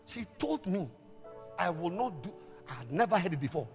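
A man's voice: high voice, very animated, moderate pace, gravelly. Emphatic stammering male pastor preaching. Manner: emphatic, stammering, swings from loud to soft. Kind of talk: sermon. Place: church hall. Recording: reverberant church hall with music.

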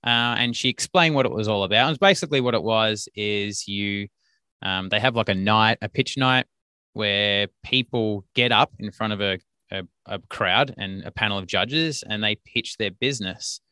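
A man's voice: lowish voice, moderate pace, pushed and bright, smooth, no room sound. A man hosting a podcast, telling a rambling business story full of fillers and restarts. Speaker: podcast host and business coach. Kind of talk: casual storytelling monologue.

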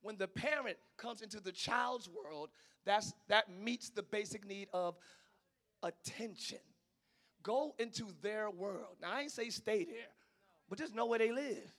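Male preacher; bright, sharp tone, animated delivery with sudden shouts. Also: high voice, unhurried. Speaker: pastor. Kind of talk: sermon.

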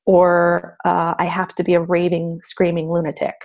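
A woman's voice: fairly low pitch, completely flat delivery, normal speed, vocal fry, darkish tone, lo-fi sound. A middle-aged woman telling a personal story candidly and reflectively as a podcast guest, acting out remembered voices.

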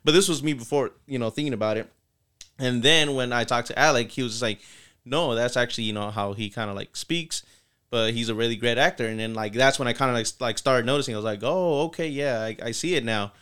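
A man co-hosting a podcast, thinking out loud in a rambling way with lots of "like" and "you know". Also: medium pitch, quick pace, smooth. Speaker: podcast co-host. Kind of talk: casual podcast chat.

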